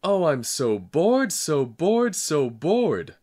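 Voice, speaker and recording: A man's voice: lowish voice, expressive, measured pace. A man voicing a bored little girl who whines and howls. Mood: wailing. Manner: whiny, howling.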